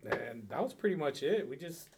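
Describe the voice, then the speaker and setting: A man's voice: fairly high pitch, very animated, moderate pace, noisy background. A man co-hosting a casual chat, telling a story in a laid-back, rambling way with frequent swearing. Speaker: podcast co-host.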